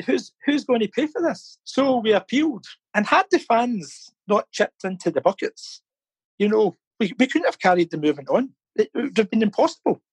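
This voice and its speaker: Chatty man, husky and high. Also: no echo, poor audio. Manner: chatty, laughs often, repeats words while thinking. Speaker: interview guest, fan campaigner. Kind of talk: casual storytelling interview. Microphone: phone or video call.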